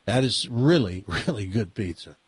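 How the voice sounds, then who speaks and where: Older male radio host, husky, dry close sound, chatty storyteller who laughs a lot. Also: lowish voice, lively intonation, normal speed, dry recording. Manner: chatty, laughs often, spins comic tall tales. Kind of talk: casual radio chat and storytelling.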